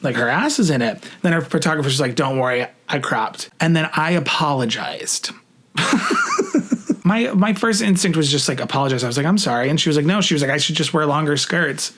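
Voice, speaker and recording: A young man talks straight to the camera, telling a story in a casual, profane way. His voice sits a little high and swings widely in pitch as he acts out each line of dialogue. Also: fairly quick. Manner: animated, swears freely, acts out quoted lines. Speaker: vlogger.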